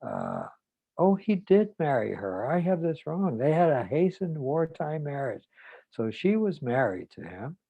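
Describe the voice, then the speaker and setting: An older man, a psychologist hosting his own show, telling a family story in a halting way, full of fillers and restarts, and quoting people in a softer, lower voice. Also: wildly swooping pitch, vocal fry, no echo, phone-quality sound. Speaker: psychologist host. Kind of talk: reflective storytelling monologue.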